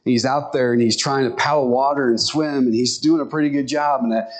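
A man preaching a sermon in an earnest, conversational way, often speeding up and slowing down. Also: mid-range voice, fairly even intonation. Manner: tells stories and acts out quotes.

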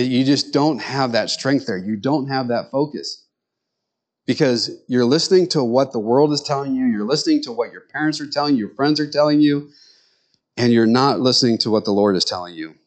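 A middle-aged male pastor giving a conversational sermon, telling stories with animated quoted voices. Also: medium pitch, moderate pace.

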